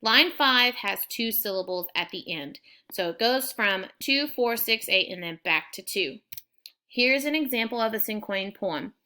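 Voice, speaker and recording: A woman teacher talks students through a recorded lesson with a bright, clear voice. She explains each point patiently and step by step, at a middle pitch. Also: animated, unhurried.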